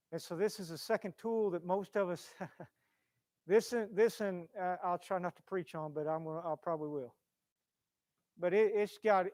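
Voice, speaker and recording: High-voiced guy preaching, gets loud then drops real quiet, repeats himself a lot, dry close sound. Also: no room sound. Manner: impassioned, swings from loud to hushed, repeats phrases. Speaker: pastor. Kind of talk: sermon. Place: church.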